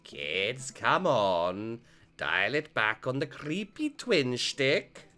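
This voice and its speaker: A man's voice: medium pitch, big pitch swings, very slow, bright, forceful tone, voice pushed down, full character voice. A man voicing a friendly, good-humored suburban dad in a video game, coaxing playfully and stumbling over words.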